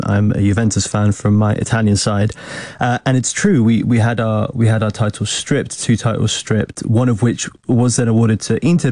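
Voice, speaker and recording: Thoughtful low-voiced male studio guest. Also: darkish tone, dry recording. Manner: thoughtful, repeating words as he thinks. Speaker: studio guest, football fan. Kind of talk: radio panel discussion. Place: radio studio.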